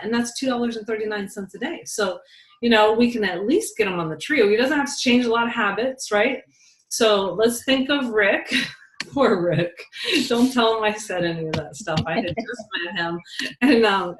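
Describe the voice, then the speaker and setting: A woman's voice: mid-range voice, a bit bright. A woman in the middle of her range talks loosely with her team, sharing stories in a chatty way and laughing easily. The sound carries a roomy echo. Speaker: team leader. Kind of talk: casual team talk.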